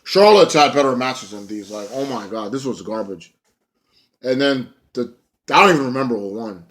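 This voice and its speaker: A man's voice: medium pitch, animated, moderate pace. A young man giving a casual wrestling show review, blunt and profane, ranting and mocking.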